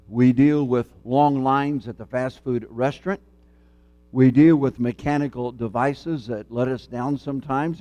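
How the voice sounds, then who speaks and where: Earnest preacher delivering a sermon. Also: male voice, medium pitch, mellow, no room sound, muffled recording. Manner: folksy storytelling, measured, earnest. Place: church sanctuary.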